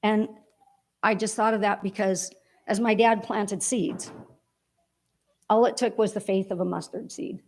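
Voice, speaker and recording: A woman's voice: mid-range voice, fairly even intonation, moderate pace. A woman giving a heartfelt, rambling eulogy for her father at a church memorial service.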